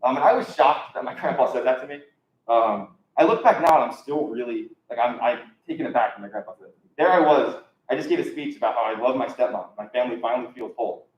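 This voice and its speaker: A young man performs a live stand-up set, talking casually and rambling with lots of ums. His mid-range voice is animated and fast, captured in an echoey, dull lo-fi recording of the comedy room.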